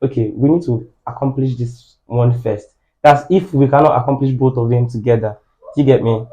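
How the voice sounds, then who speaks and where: A man's voice: mid-range voice, brisk, mellow, highs cut off. A man explaining his view step by step in a casual podcast chat.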